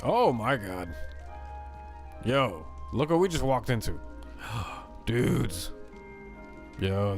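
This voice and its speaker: A man streaming a video game, chatting excitedly and casually while reading chat messages aloud. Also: mid-range voice. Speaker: gaming streamer. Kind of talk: casual let's-play commentary. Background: game music.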